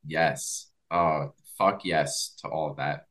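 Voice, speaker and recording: A man's voice: extremely low pitch, steady tone, slow pace, a bit bright. A man hosting an interview podcast, who asks thoughtful questions, jokes playfully and swears casually. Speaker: podcast host.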